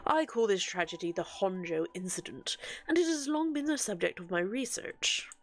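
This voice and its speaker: A woman reading game dialogue aloud for an earnest, scholarly male occult researcher, with a measured, explanatory delivery. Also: mid-range voice, sing-song.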